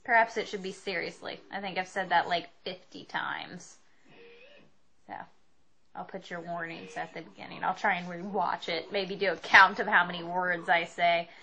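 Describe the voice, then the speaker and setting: A woman's voice: on the low side, flat delivery, normal speed, bright, forceful tone, rough recording. A young woman vlogging in a rambling, self-deprecating way, laughing often and apologizing for going on too long. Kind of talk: rambling casual vlog.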